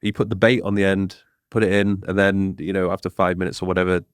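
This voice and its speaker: A young man hosting a podcast, speaking in a relaxed, hesitant way. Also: deep voice, quick pace, clean tone, no room sound, clean studio sound. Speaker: podcast host. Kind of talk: casual conversational interview.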